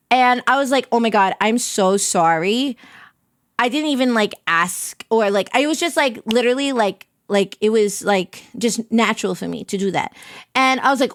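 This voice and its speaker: Female streamer, bright high register, rambling and excitable, close dry sound. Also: no echo. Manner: excitable and rambling, heavy on filler words. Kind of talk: casual stream chat.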